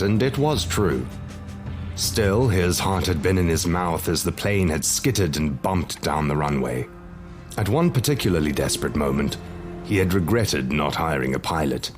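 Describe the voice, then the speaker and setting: A man reads a scripted horror story in a low, deep voice, measured and dramatic. Music plays clearly beneath his narration.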